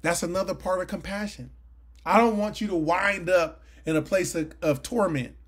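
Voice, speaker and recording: A man's voice: high voice, moderate pace, husky. A man in his late forties giving a Bible study lesson, talking earnestly and conversationally with sudden emphatic bursts. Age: 40s. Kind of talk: sermon-style Bible teaching. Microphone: livestream mic.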